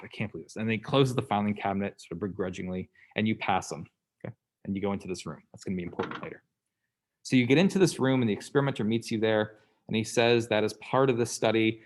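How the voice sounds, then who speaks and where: A man with a fairly low voice gives a classroom lecture in a relaxed, conversational way. He keeps checking in with his listeners and briefly acts out the people in his examples. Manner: conversational, checks in with "okay?" and "right?"; acts out quoted people in passing.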